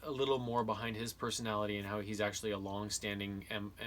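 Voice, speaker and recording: A man with a fairly low but bright, forceful voice talks through a book review in a loose, rambling way. He piles on fillers and restarts his sentences often. A faint background noise sits under his voice. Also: flat delivery, fast. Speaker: video host reviewing books and games. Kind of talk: casual spoken review.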